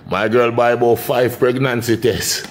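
A man with a Jamaican accent chatting on a casual livestream, playful and teasing, sometimes dropping into a low murmur. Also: slow pace. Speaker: livestream host.

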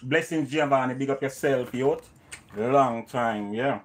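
Jamaican man, livestream cooking host, playful patois banter, mid pitch, faint noise. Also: a little slow. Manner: banters with viewers, slips into patois. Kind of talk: casual livestream chat.

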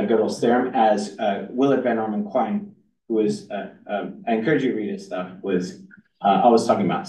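A man's voice: medium pitch, darkish tone. Rambling man lecturing in an echoey hall. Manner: rambling, self-interrupting, many restarts and fillers. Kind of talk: university lecture. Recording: roomy hall audio from far off.

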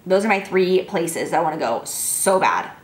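Answering fan questions, a woman in her twenties chats casually in a lowish, animated voice at normal speed, with reverberant sound. She gushes and sounds bubbly, leaning heavily on "like."

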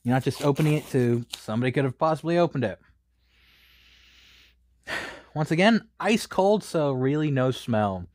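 A man's voice: medium pitch, expressive, normal speed, long pauses, a little mellow, no room sound, clean studio sound. A man casually reviewing a snack, rambling with many fillers and a little out of breath. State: a bit out of breath.

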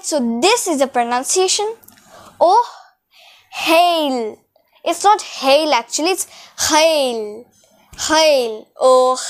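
Careful female tutor, high voice, unhurried, stretches example words. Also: a bit bright. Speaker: French tutor. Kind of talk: beginner language lesson. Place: room with a whiteboard.

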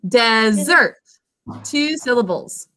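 A woman teaching young children a phonics lesson, patient and encouraging as she sounds out words slowly. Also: on the high side, lively intonation, sharp tone, slight background noise.

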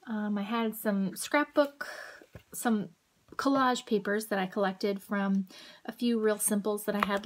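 A woman in her thirties chatting casually as a journaling vlogger, rambling and searching for words, poking fun at herself. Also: fairly high pitch. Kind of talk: casual chat.

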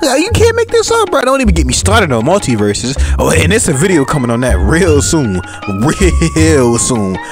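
A man's voice: on the high side, huge pitch swings, moderate pace, few pauses. A young man, a gaming YouTuber, ranting with exasperation and constant swearing, often slipping into a sing-song delivery. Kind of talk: profane comedic rant. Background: background music.

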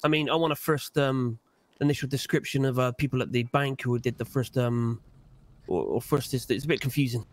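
A man with a West Country English accent, playing a lawyer in a role-play game and chatting calmly with plenty of fillers. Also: mid-range voice, a little fast. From South West England. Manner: calm, chatty, with many fillers and restarts. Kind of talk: in-character role-play banter.

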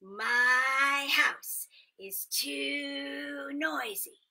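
A woman's voice: sits high, drawn-out words, creaky, bright, forceful tone, pitched above the performer's own voice, exaggerated voice. A woman voicing a fretful old man who keeps complaining about the noise in his house, drawing out his words in a whiny, sing-song way for a children's storytime.

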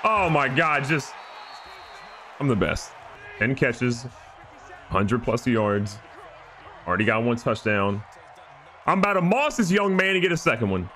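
A man giving excited, joking gameplay commentary as a gaming YouTuber. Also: medium pitch, measured pace, pauses often, a little hiss or hum. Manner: animated, joking, trash-talking.

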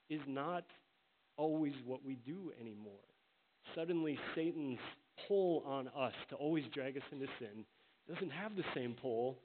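A man preaching a sermon as pastor, earnest and emphatic, slowing down to stress the words he quotes. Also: a little high. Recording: tinny phone-like sound with faint hiss.

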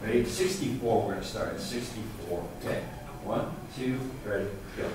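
A man's voice: fairly low pitch, normal speed, music in the background. Man coaching a band in an echoey hall. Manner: encouraging, sings rhythms aloud. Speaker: adjudicator coaching a student brass ensemble. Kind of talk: music clinic coaching. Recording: echoey hall, voice from far off, noisy.

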